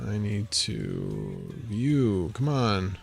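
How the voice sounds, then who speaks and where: A man's voice: fairly low pitch, huge pitch swings, extremely slow, gravelly, soft background music. A man hosting a casual livestream from home, rambling and thinking aloud as he answers viewers' chat. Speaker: livestream host.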